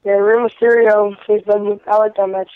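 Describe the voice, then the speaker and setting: A man from Chicago calls in and gives brief, halting answers in a high voice. The sound is thin and tinny, as if heard over a phone line. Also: level tone, clean tone. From Chicago area. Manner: short, hesitant answers. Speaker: caller.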